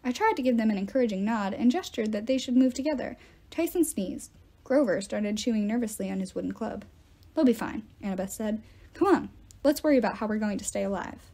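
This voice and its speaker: A woman reading a novel aloud in a steady storytelling manner. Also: a little high. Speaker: reader.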